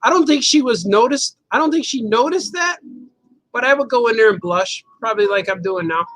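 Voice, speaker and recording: A man's voice: very high voice, lively intonation, a little fast, a bit bright, no echo, poor audio. A man hosting a casual chat show, telling rambling stories and giggling often between words. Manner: giggly storyteller, laughs often mid-sentence; rambling, playful, repeats words for effect. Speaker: host and cartoonist. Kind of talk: casual livestream chat, reading viewer comments.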